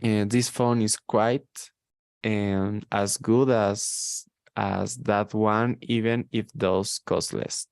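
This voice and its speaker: A man's voice: fairly low pitch, fairly even intonation, very slow, creaky, darkish tone, dry recording. A man studying English, reading example sentences aloud hesitantly with fillers and restarts. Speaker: language student.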